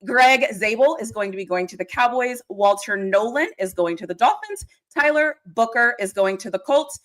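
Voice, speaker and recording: Brief: British woman, giggly and self-conscious, casual livestream read, slightly high voice. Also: lively intonation, normal speed, a bit bright. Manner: giggly, self-conscious, laughs between words. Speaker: guest reading mock draft picks.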